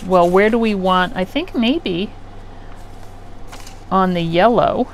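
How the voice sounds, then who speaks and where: A woman's voice: medium pitch, slow. A middle-aged woman hosting a craft channel, chatting casually and rambling as she works at home, often trailing off mid-sentence. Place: home craft room with an air conditioner running. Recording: faint air conditioner hum behind.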